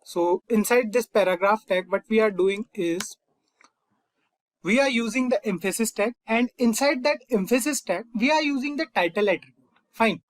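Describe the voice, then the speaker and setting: A man's voice: high voice, moderate pace, dry recording. Guy doing a coding tutorial, explains step by step, "you guys", dry close mic. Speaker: coding instructor. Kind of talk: screen-recorded coding tutorial.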